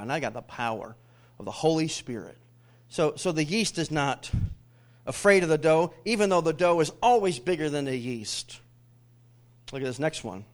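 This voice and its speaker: A middle-aged man preaching with a slightly high voice. He leads his congregation in call-and-response, rising to loud declarations and dropping to near-whispers. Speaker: pastor. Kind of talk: sermon.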